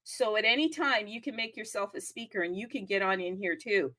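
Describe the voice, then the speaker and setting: A woman hosting a live audio chat room, talking excitedly and casually, often addressing listeners as "people" and checking in with "okay?". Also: mid-range voice, brisk. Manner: animated, chatty, keeps asking "okay?" and addressing "people".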